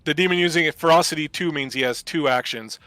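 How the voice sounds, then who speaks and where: A man's voice: on the high side, quick pace, a bit bright, no room sound. A man narrating a tabletop game as game master, telling the story in a descriptive, dramatic way over a video call.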